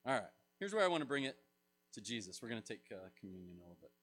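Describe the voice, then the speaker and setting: A man preaching a sermon as pastor, swinging from loud emphatic lines to soft low asides. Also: sing-song, racing.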